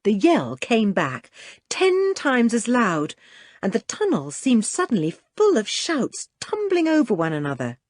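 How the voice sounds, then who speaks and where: A woman narrating a children's adventure audiobook with expressive reading. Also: on the high side, measured pace, dry recording, clean studio sound. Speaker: audiobook reader. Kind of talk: storybook narration.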